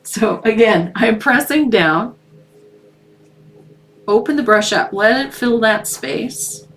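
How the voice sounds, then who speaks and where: A woman's voice: fairly high pitch, expressive, takes it slowly, a bit bright. A woman leading a live painting lesson who explains her brush strokes step by step and laughs easily. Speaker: painting instructor. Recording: distant mic with faint background noise.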